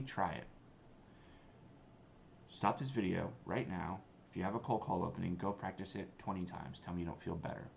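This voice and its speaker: Gravelly low-voiced man coaching sales. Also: lo-fi sound, slight background noise. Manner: coaching, emphatic, repeats key points. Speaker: sales trainer. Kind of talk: instructional talk to camera.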